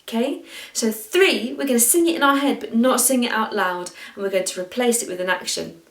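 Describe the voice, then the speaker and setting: A British woman music teacher leading a singing warm-up for children and families, cheerful and encouraging with a self-mocking humor. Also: on the high side, brisk. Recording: echoey room.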